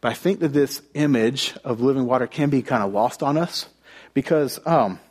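A man's voice: mid-range voice, normal speed, darkish tone, husky. A young man from the United States preaching a conversational sermon, telling stories and often restarting his phrases.

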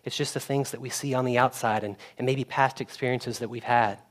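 A young man preaching a sermon in a conversational way, getting animated when he tells a story. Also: medium pitch, a little fast. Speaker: pastor.

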